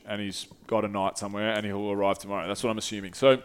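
A man's voice: on the low side, little pitch movement, quick pace, clean tone. A young man telling a long travel story in a loose, profane, filler-heavy way as a podcast host. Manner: profane, rambling anecdote with frequent fillers. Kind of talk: casual solo storytelling.

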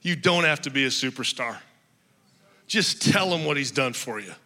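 A man's voice: medium pitch, expressive, moderate pace, pushed and bright, long reverb tail. A male pastor preaching a sermon to a congregation, emphatic and personal, telling his own story with touches of humor. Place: church hall with a congregation.

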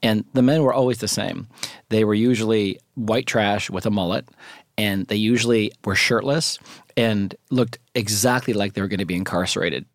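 A middle-aged man telling a candid personal story in a relaxed, conversational way as a podcast co-host. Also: on the low side, dry recording, studio quality. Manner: candid, conversational, unhurried recollection.

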